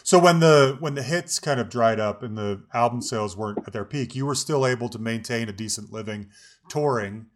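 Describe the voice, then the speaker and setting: A man's voice: mid-range voice, brisk. A man hosting an interview podcast, asking questions with brief reactions. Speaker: podcast host.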